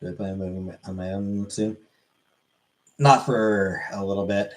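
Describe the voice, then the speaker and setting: Man, lowish voice, live streamer, casual chat, blunt and profane. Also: flat delivery, normal speed, rough recording. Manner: answers chat questions, swears freely.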